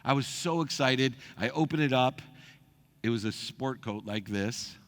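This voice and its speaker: A middle-aged man telling a personal story as host, animated and acting out the people he quotes. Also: mid-range voice, measured pace.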